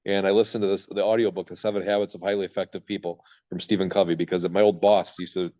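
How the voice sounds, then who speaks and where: Man, 30s, from Michigan, podcast guest; rapid, rambling storyteller, lo-fi dull sound. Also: sits low, little pitch movement, dark tone. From Michigan, USA. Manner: rambling, self-interrupting, acts out his own past thoughts. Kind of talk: candid storytelling in a podcast interview.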